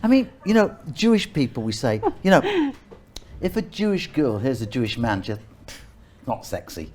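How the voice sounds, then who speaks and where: Fussy man with a lively voice. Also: medium pitch, moderate pace. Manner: fussy, joking, keeps saying "hang on". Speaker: cooking show host. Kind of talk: chatty live cooking segment. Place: outdoor park cooking setup.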